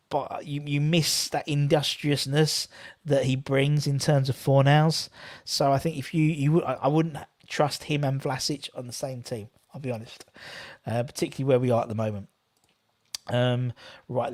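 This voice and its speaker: A man's voice: medium pitch, darkish tone. A young man hosting a live football watchalong, chatting casually and reading out viewers' comments. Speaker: fan channel host.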